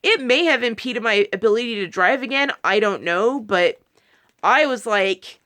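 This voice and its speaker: A woman with a bright, forceful tone and a fairly high voice tells a personal story straight to camera. She rambles, restarts her sentences and breaks into quoted lines of dialogue as she goes. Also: lively intonation, moderate pace. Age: adult, married. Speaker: video creator. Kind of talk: casual monologue to camera.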